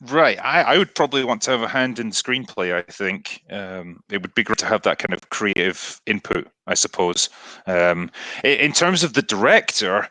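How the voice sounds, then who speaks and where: A man's voice: on the low side, animated, normal speed, pushed and bright, no room sound, low-quality recording. A man being interviewed as a film reviewer, talking in a thoughtful, reflective way. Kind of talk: casual interview talk.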